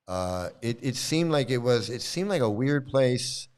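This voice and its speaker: A man's voice: medium pitch, lively intonation, unhurried, darkish tone, clear, resonant tone. A middle-aged man casually telling a rambling story as a video host, chuckling and restarting often. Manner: rambling, chuckling, restarts, mimics people he quotes. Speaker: commentary video host, former devotee.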